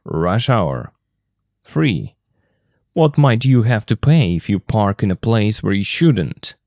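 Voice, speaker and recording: A male English teacher, a native Russian speaker, talks through a textbook lesson in a lively, patient way, drawing out his examples. His voice is recorded close and dry, with no room sound. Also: on the low side, no room sound. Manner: patient, clear, repeats examples slowly.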